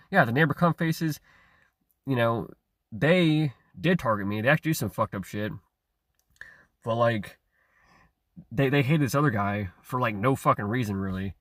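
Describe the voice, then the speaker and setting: Bright-voiced man on a stammering, profane rant. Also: mid-range voice, no room sound, clean studio sound. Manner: laughs between phrases. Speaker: online commentator. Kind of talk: ranting monologue.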